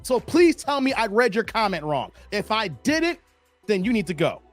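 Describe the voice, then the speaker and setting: A man with a high, lively voice holds forth on his livestream, blunt and animated as he talks straight to his chat. Faint music sits quietly under his voice. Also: moderate pace. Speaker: livestream host. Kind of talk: casual livestream commentary.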